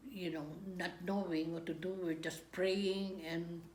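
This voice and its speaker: An older woman speaks in a fairly low voice, slowly and haltingly, with pauses and restarts. She is recalling her memories for an interviewer. The room is echoey, with a faint ambient hum underneath. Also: level tone, a little mellow. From Philippines. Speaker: grandmother recounting wartime memories. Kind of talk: oral history interview.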